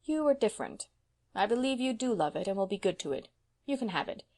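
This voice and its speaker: A woman voicing a proud, brisk spinster of seventy, speaking emphatically and sternly. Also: medium pitch, big pitch swings, a little mellow.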